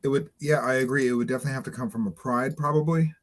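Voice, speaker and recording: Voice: medium pitch, steady tone, racing. A co-host chatting casually on a drag podcast, sassy and effusive. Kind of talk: casual chat.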